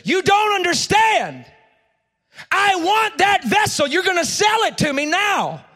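A man's voice: medium pitch, measured pace, breathy edge. A man voicing an insistent wealthy businessman in a sermon story, pleading and demanding. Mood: shouting. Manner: pleading, then shouting demands.

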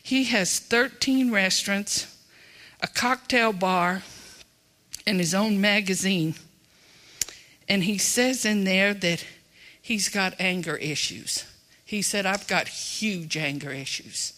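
Bright-voiced preacher with a drawl. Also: mid-range voice, slow pace, pauses often. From Texas. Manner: folksy, emphatic, swings between loud and hushed. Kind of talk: sermon.

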